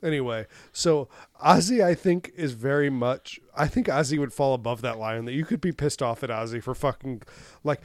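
A man in his thirties co-hosting a podcast in casual chat, animated and swearing, laughing often. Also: medium pitch, normal speed, no room sound. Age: 30s. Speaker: podcast co-host.

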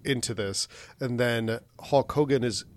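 A man's voice: mid-range voice, unhurried. A man chatting casually about a movie, making wry jokes and laughing often. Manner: jokey, laughs a lot, wry asides.

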